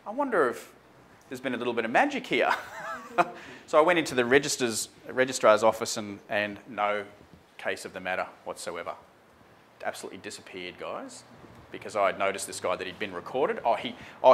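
A man's voice: medium pitch, animated, fairly quick, a bit bright, a little hiss or hum. Man telling a story with relish. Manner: acts out dialogue, conversational with frequent ums and "mate". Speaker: speaker recounting a traffic stop. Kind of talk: animated spoken storytelling on air.

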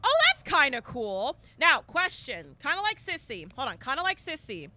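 An excitable woman commenting on a live game stream. Her high voice swings widely up and down, with a bright tone. She keeps breaking into loud, repeated cheers and exclamations. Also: moderate pace.

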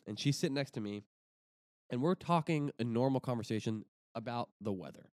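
A man's voice: mid-range voice, lively intonation, a little fast, a little mellow, no echo, clean studio sound. A young man in his twenties, co-hosting a podcast, rambling through a story with restarts and casual swearing. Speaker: podcast co-host.

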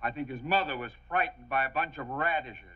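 An actor playing a pompous, blustering middle-aged bank president in a 1960s sitcom. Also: male voice, mid-range voice, fairly quick, very noisy, natural voice. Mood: fussy. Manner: blustering, stammering when cowed. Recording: dull 1960s TV soundtrack.

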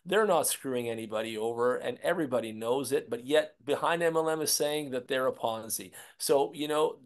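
A man from Canada co-hosting an online commentary show, talking in a combative, repetitive, ranting way. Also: mid-range voice. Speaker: co-host.

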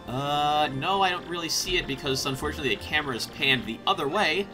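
A man hosting a casual let's play, rambling and excitable, often breaking into laughter. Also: on the high side, fast talker, over music. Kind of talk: casual gameplay commentary.

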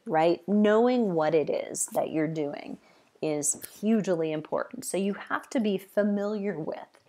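Lower-voiced woman coaching fitness trainers. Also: darkish tone. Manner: conversational, with frequent "you know" and list-like repetition. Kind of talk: advice talk to fitness trainers.

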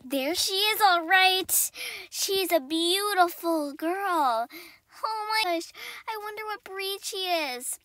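Woman, game role-play host, excitable, gushing, very high voice, bright tone, talks to viewers. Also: slow pace, no room sound. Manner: gushing, excitable, gasping and squealing. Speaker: channel host and player.

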